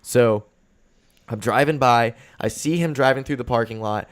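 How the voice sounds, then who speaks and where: Young male podcast host, casual, sweary, animated storyteller. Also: medium pitch, moderate pace. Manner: profane, fired-up storytelling. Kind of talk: casual chat.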